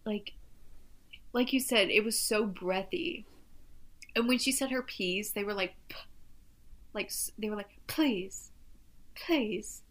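Woman co-host, casual rambling talker, mid pitch; conversational movie chat. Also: a little slow, pauses often, a bit bright. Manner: rambling, self-interrupting, lots of "like".

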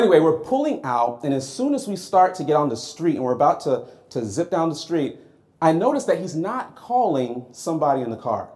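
A man preaching a sermon, telling a personal story in a lively, conversational way and acting out his own reactions. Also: a little high.

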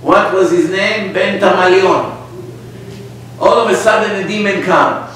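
Brief: man, rabbi telling stories and quizzing listeners, slightly high voice, distant, echoey. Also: unhurried. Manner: animated, asks the audience questions. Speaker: rabbi teaching a class. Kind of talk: storytelling sermon. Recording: echoey room, distant mic, faint noise.

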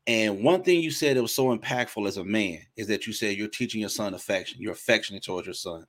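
Hosting a casual faith interview, a man in his forties speaks earnestly and like a preacher, often repeating himself. His fairly low voice is a bit bright and he talks fast.

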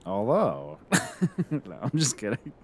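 A man's voice: medium pitch, wildly swooping pitch, slow pace, a little hiss or hum. A man co-hosting a casual podcast, reading out picks in an upbeat way and laughing often. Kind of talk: casual chat.

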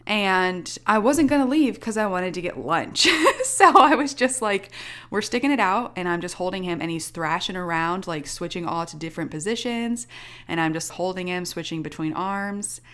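Chatty young woman, slightly low voice. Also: normal speed. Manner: animated, chatty, laughs often while telling. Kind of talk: casual chat, telling a personal story.

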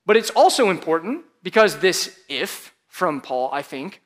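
High-voiced man preaching casually. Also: sing-song, a little slow, fairly bright tone. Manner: casual, chatty preaching with frequent "like" and audience banter. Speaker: pastor. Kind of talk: conversational sermon. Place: church service before a live congregation.

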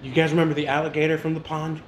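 A young man chatting casually with his siblings, an animated storyteller who retells scenes with laughter. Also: a little high, racing. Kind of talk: casual chat. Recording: echoey room with background noise.

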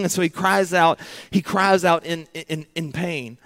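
A man's voice: on the high side, fairly even intonation, measured pace, a bit bright. A man preaching a sermon, earnest and dramatic, acting out pleading prayers in short repeated phrases.

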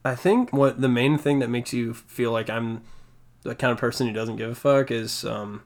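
A young man in casual conversation, speaking in a fairly monotone, quiet way and laughing often. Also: medium pitch, moderate pace. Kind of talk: casual chat.

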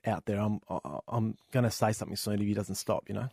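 A man playing a patient, polite tailor, speaking in a measured and reasonable way. His voice is dry and close, sitting at an ordinary pitch. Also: steady tone, vocal fry, a little mellow, no room sound. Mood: restrained.

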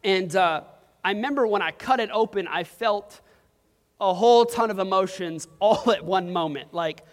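A man's voice: sits high, normal speed. A young man preaching a sermon to a congregation, telling a personal story casually with lots of "like" and "um.". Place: church hall. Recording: long reverb of a hall.

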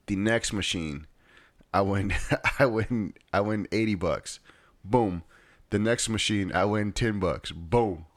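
Deep-voiced rambling man telling a story. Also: dry recording. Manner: rambling, repeats "right?". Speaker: vlogger. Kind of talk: casual storytelling chat. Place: home.

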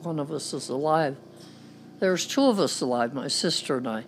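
Older woman telling stories slowly. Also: low-pitched, lively intonation, a little hiss or hum. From Montana, USA. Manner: slow, storytelling, matter-of-fact. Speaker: guest, former radio broadcaster. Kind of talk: casual interview chat.

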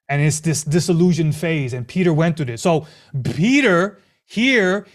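A man preaching a sermon as pastor, animated and full of rhetorical questions and repeated phrases. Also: a little high.

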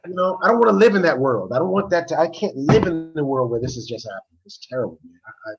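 A man co-hosting a podcast, talking boxing in casual, animated storytelling with frequent restarts. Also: a little high, fast talker, gravelly, dull audio. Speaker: podcast co-host. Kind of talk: casual sports chat.

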